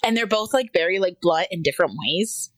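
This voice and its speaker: A woman's voice: brisk, no echo. A woman co-hosting a casual podcast, telling funny family stories and acting out her kid's lines. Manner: animated storyteller, mimics her son in a high squeaky voice. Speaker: podcast co-host. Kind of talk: casual chat.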